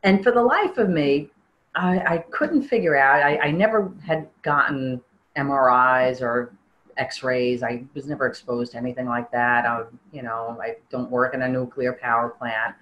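An older woman giving a personal testimony in an interview, earnest and halting, often restarting her sentences. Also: a bass voice, steady tone, dull audio, slight background noise.

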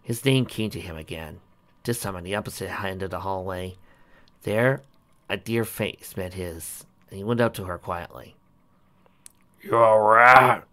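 Low-voiced man reading a story aloud. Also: moderate pace. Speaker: reader.

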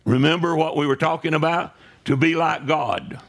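A man preaches a sermon in a loose, conversational way, often pausing to check in with his congregation. His voice sits a little high and has a gravelly edge. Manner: conversational preaching with frequent "right?" asides. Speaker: pastor. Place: church sanctuary.

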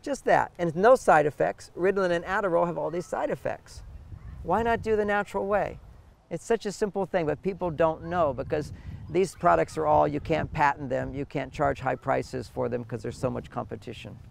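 An older man, a relationship author appearing as a guest, answers interview questions with advice on relationships. His voice sits on the high side and sounds gravelly, moving at a normal speed over slight background noise. He speaks emphatically and often acts out what partners say.

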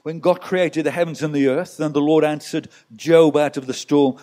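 A man's voice: fairly high pitch, fairly even intonation, normal speed, hardly any pauses, mellow. A male pastor preaching a sermon in church, telling stories with rhetorical asides to the congregation.

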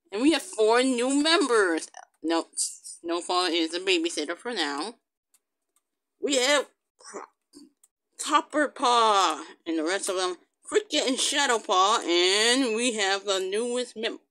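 A woman's voice: fairly high pitch, sharp tone. A female host commenting casually on her game, cooing in baby talk and humming to the pets she raises.

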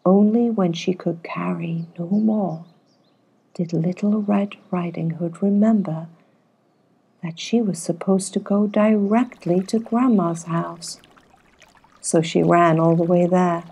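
A woman narrating a bedtime fairytale, soft and hushed, often dropping to a half-whisper. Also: on the low side, steady tone, slow, creaky, husky. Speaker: storyteller.

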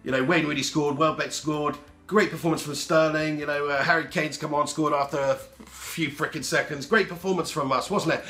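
A man's voice: fairly high pitch, fairly quick, faint music behind. Sweary young man with a cold. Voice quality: lively, sweary banter. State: heavy head cold. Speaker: football fan vlogger. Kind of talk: casual Q&A vlog.

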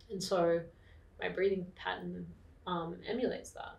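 An Australian woman talks in a calm, explanatory way, her voice carrying a gravelly fry. She sits back from the microphone in a roomy space that rings around her words. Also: lowish voice, moderate pace. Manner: calm, explanatory, with frequent fillers. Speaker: podcast guest. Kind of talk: casual interview talk. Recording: roomy, distant mic.

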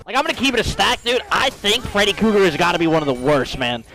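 A young man streaming a game, chatting crudely and excitably, breaking into shouts. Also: high-pitched, fast, over loud music. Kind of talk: casual gaming stream chatter.

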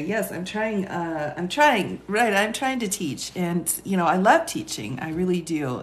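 A woman who is a lawyer and law teacher, hosting a casual live stream, chatting and laughing often as she reads viewer comments aloud. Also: medium pitch. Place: indoor room, streaming live. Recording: roomy echo.

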